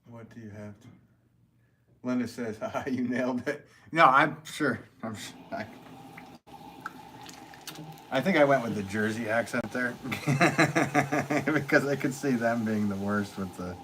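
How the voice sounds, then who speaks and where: A man's voice: medium pitch, a little slow, long pauses, a bit bright, slight background noise, low-quality recording. A man chatting casually while he works during a live stream from his pottery studio, rambling, full of fillers, and laughing often.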